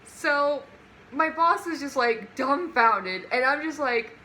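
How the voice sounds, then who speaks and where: Young female vlogger, chatty and giggly storyteller, slightly high and bright tone. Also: animated, takes it slowly, slight background noise. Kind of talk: casual storytime.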